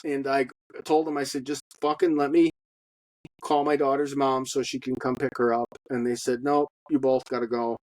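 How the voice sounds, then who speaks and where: A man giving a personal testimony in a halting monologue, with many fillers and blunt profanity. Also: medium pitch, level tone, a little mellow, no echo, low-quality recording. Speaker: storyteller.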